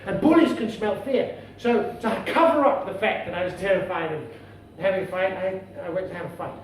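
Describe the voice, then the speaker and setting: A man's voice: high voice, fairly quick. A male stand-up comedian with a formal, florid manner, addressing the audience as sir and madam, recorded live with heavy echo from a distance. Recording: echoey live room from afar, noisy.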